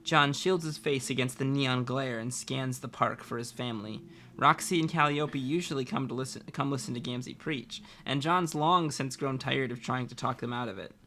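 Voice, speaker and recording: A man's voice: medium pitch, normal speed, sharp tone. A man reading a story aloud as narrator who stumbles over words and restarts as he goes. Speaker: reader, co-host.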